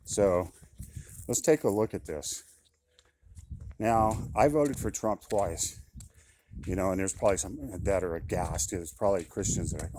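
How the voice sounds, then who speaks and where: A man's voice: deep voice, normal speed, long pauses, a little mellow, slight background noise. An older man talking casually in a monologue, often repeating himself and turning indignant. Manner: conversational, repetitive, indignant. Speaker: commentator.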